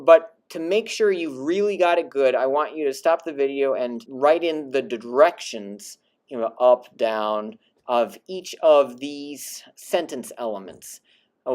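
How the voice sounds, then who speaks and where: A man's voice: medium pitch, a little mellow. A man teaching Latin in a recorded lecture, patiently explaining and demonstrating rising and falling intonation on example phrases.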